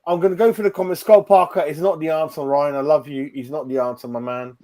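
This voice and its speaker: A man's voice: fairly high pitch, steady tone, fast talker, dark tone. A man hosting a sweary post-match reaction chat, brash and matey, calling everyone "mate" and "bro".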